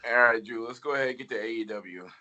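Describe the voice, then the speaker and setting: A man's voice: mid-range voice, fast talker, bright, forceful tone, highs cut off. A man co-hosting a podcast, joking and laughing in casual wrestling chat. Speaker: podcast co-host.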